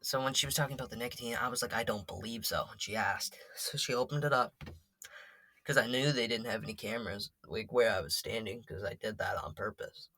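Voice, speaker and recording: A man's voice: on the low side, a little fast, bright, forceful tone, no echo. A teenage boy casually telling a story as a vlogger, rambling with lots of fillers and swearing. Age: teens.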